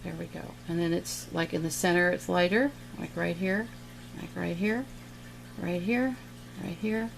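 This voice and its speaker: A middle-aged woman with a slightly gravelly voice talks a viewer through a painting lesson in a chatty, playful way. Her pitch sits in the middle, and she adds little sound effects as she works. A faint hiss of noise runs under the recording. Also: fairly even intonation, a little slow, rough recording. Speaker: painting teacher. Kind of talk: casual step-by-step painting lesson.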